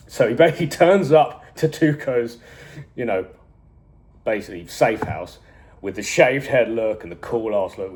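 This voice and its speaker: A man casually reviewing a TV series, retelling scenes with animated energy, frequent chuckles and swearing. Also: on the low side. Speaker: TV show reviewer.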